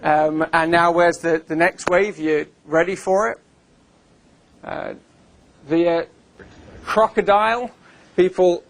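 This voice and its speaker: In a conference room full of listeners, a man whose voice sits on the high side presents as an invited speaker. He keeps it chatty and dryly humorous, leaning often on fillers.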